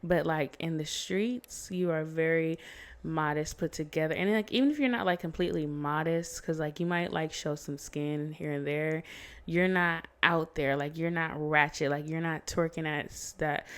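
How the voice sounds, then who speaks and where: A woman's voice: low-pitched, a little slow. A woman giving a casual tarot reading, chatty and blunt, swearing freely and laughing often. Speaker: tarot reader. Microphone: phone.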